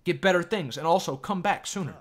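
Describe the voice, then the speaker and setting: Man doing a high, loud shopkeeper lady, bossy, clipped broken English, jumpy pitch. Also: expressive, a little fast. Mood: bossy, insistent. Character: pushy, bossy woman shopkeeper, middle-aged.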